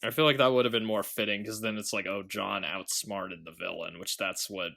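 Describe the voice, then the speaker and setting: A man's voice: on the low side, steady tone, a little fast, vocal fry, bright, forceful tone. A man co-hosting a film review podcast, talking casually and rambling with frequent ums and trailing asides. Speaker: podcast co-host.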